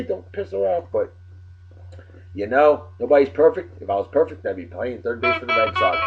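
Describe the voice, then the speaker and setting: A man from Massachusetts with a Massachusetts accent, hosting a casual solo show, rowdy and boastful, breaking into loud whoops. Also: lowish voice, big pitch swings, moderate pace, slightly rough, soft background music. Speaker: host.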